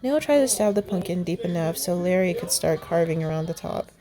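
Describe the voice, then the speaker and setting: Reading fan fiction aloud, a young woman speaks briskly and expressively in a lowish voice. She does the characters in her own voice and laughs and adds comments along the way.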